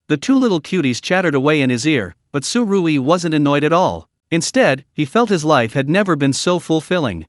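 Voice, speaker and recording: A man giving expressive scripted narration as he recaps a story. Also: on the high side, a little fast, hardly any pauses, dry recording, clean studio sound.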